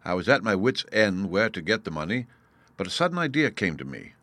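Brief: man reading an earnest confessing gentleman, lowish voice, dry and close. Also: very animated, brisk, no echo, heavily acted. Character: ashamed gentleman prisoner confessing, adult man.

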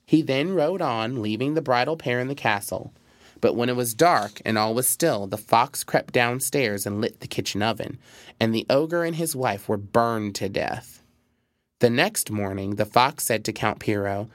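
A man narrating a fairy tale in a measured, expressive storybook reading. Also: mid-range voice, no room sound.

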